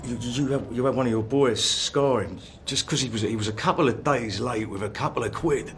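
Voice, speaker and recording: A frightened man , played by an actor, stammering and pleading at an everyday pitch, nervous throughout. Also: fairly quick, a bit bright, slight background noise, lightly acted. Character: frightened pleading male victim. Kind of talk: film acting.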